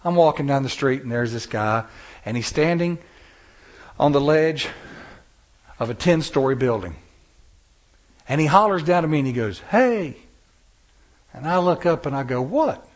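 A male preacher delivering a sermon, stressing words slowly and telling stories to the congregation. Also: medium pitch, expressive. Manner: emphatic, drawn-out stresses, storytelling.

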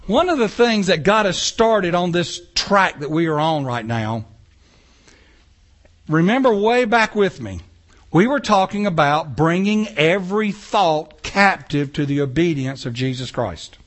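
High-voiced preacher. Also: male voice, measured pace. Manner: animated preaching with casual asides and rhetorical questions. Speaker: pastor. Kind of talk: sermon. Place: church sanctuary.

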